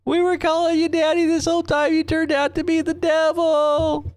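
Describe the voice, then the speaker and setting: A man putting on the voice of a betrayed grown man crying and wailing in a high, shouted voice. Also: monotone, moderate pace. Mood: wailing betrayal.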